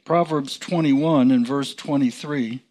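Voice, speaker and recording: A man teaching from the Bible in a relaxed, conversational way, chuckling and restarting his sentences. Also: medium pitch, takes it slowly. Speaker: preacher.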